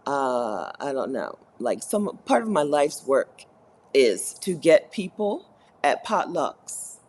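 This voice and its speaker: Husky, lively woman hosting a livestream. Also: low voice. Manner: chatty, laughs often, playful mock complaints. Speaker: livestream host reading chat. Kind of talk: casual live-stream chat. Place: Caribbean.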